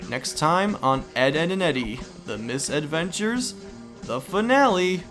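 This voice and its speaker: A man's voice: a little high, expressive, measured pace, music in the background. A man doing casual let's-play commentary over a video game, chatty, with wry asides. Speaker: gaming YouTuber.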